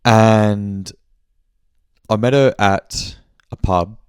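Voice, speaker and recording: A man's voice: on the low side, fairly even intonation, extremely slow, clean tone, no room sound, clean studio sound. A young man telling a rambling story on his podcast, swearing and correcting himself as he goes. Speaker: podcast host. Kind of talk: casual monthly check-in chat.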